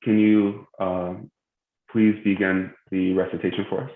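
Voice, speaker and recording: Low-voiced man teaching over a tinny call. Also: level tone. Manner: patient, many "um" pauses, spells out pronunciations slowly. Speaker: tajweed teacher. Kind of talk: online class instruction. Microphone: video call. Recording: tinny phone-like call audio in an echoey room.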